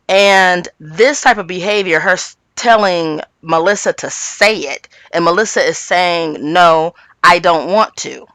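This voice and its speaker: Animated raspy woman recapping reality TV. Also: dry recording. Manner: animated, quotes cast members in big pitch jumps. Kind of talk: casual commentary.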